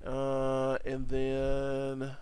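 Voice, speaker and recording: Smooth-voiced man talking through a tutorial. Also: mid-range voice, completely flat delivery, very slow, darkish tone, no echo. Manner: rambling, self-correcting, jokey asides. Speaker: software tutorial instructor. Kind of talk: casual screen-recorded tutorial.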